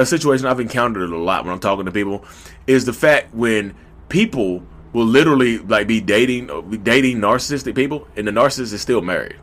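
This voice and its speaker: A man with a Southern drawl giving a casual, animated monologue to his listeners, repeating himself often. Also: mid-range voice. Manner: animated, repetitive, talks to listeners directly. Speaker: podcast host.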